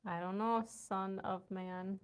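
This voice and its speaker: A woman's voice: mid-range voice, fairly even intonation, takes it slowly, smooth. An American woman hosting a casual night-time livestream from home, chatting with viewers, trying out foreign words and laughing often. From United States. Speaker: livestream host.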